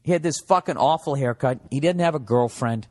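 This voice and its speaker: A man's voice: mid-range voice, brisk, a little mellow, long reverb tail. Man ranting profanely on a podcast. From United States. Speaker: comedian and podcast host. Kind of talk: comedic podcast monologue.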